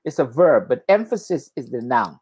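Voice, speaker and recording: A man's voice: mid-range voice, very animated, darkish tone, breathy edge. Tired, patient male English tutor. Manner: patient, repeats words slowly to explain. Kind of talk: one-on-one English lesson.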